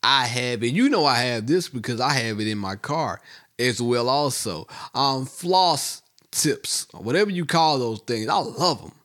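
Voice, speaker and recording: Man, podcast co-host, animated and playful, mid-pitched voice swinging widely; casual banter. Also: a little slow.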